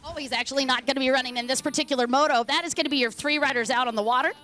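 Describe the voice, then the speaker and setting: Fast-talking woman announcer, upbeat and chatty, fairly high voice. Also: steady tone, pushed and bright, soft background music. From Dallas, Texas. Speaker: race commentator. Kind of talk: live sports commentary.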